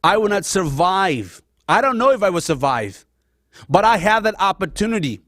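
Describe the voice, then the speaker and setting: Man born in laos, high voice, passionate talk show monologue, dry close sound. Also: big pitch swings, normal speed, fairly bright tone, no echo. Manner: passionate, addresses audience as guys. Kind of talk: emotional personal monologue.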